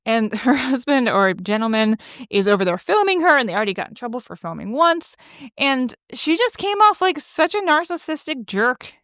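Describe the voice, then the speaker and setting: A woman hosting a podcast with a chatty, gossipy storytelling manner, laughing often and saying like a lot. Her voice sits a little high. It is recorded close and dry, with no room sound. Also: very animated, moderate pace, a bit bright, dry recording. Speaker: podcast host. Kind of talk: casual storytelling monologue.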